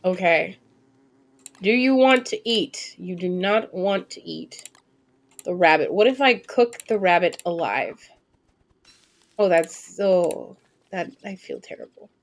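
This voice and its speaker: A woman in her twenties streaming live gameplay commentary, chatting and thinking aloud, with sudden excited squeals and casual swearing. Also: lowish voice, slow, long pauses.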